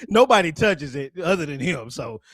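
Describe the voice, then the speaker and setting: A man's voice: a little high, animated, moderate pace, no echo, clean studio sound. A man hosting a livestream, talking with callers in a confrontational, mocking, trash-talking way. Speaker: livestream host.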